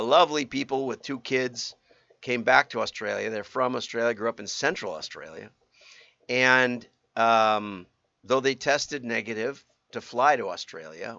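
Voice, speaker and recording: Gravelly man rambling on a livestream. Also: medium pitch, bright, forceful tone, no echo, dull audio. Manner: rambling, self-correcting, chuckling. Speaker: livestream host. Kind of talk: casual livestream commentary.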